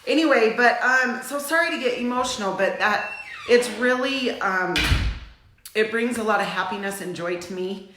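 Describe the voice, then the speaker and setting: A middle-aged woman from Utah hosting a casual livestream, chatting in a warm, rambling way and getting teary. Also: fairly high pitch, normal speed, roomy sound. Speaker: livestream host.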